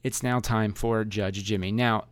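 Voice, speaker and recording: A man's voice: on the low side, steady tone, measured pace, no echo. A man hosting a live comedy podcast, rambling and self-deprecating, laughing easily. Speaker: podcast host. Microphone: podcast mic.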